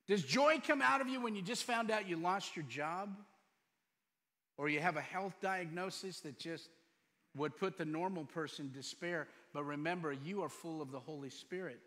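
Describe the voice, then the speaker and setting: A middle-aged man preaching a sermon as pastor, firing off rhetorical questions and moving between loud emphatic lines and quiet storytelling. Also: sits high, normal speed. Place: church sanctuary. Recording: long hall reverb.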